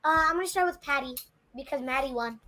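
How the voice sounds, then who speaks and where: A woman's voice: high-pitched, quick pace, bright, forceful tone. A woman co-hosting a podcast, eager and playful with her questions. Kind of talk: casual podcast chat.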